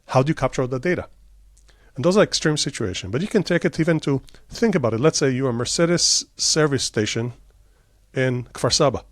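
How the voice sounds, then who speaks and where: Animated Israeli man telling stories. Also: medium pitch, no room sound. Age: middle-aged. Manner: animated storyteller, quick bursts with many uh fillers. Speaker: startup CEO guest. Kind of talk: storytelling interview answers.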